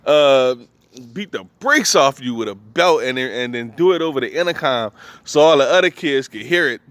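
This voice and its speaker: Animated and fairly bright in tone, a male comedian from New Orleans delivers slangy stand-up storytelling in a New Orleans accent, chuckling between lines. He speaks at a normal speed in a mid-range voice, and there's no room sound.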